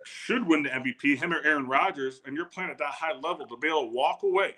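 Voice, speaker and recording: A man in his forties with a bright, forceful voice, spinning animated stories in casual conversation. He restarts sentences and slips into the voices of the people he quotes. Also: a little high, quick pace. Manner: animated anecdotes with repeated starts, quotes others. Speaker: guest, former football tight end. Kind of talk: casual storytelling chat.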